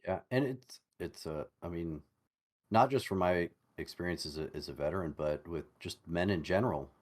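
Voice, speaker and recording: A man in his late thirties speaks in a very low, deep register. He sounds reflective and a little halting, often doubling back on his words as he works through a thought. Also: a little mellow. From United States. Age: late 30s. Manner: reflective, halting, repeats words while searching. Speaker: podcast guest, veteran. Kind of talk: casual conversation over a call.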